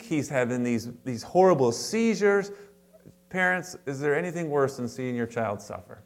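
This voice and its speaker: Male pastor, mid-pitched, conversational sermon with emphatic bursts and asides. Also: normal speed. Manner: conversational preaching with frequent restarts and asides; animated, stressing words with sudden louder higher bursts. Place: church sanctuary before a congregation.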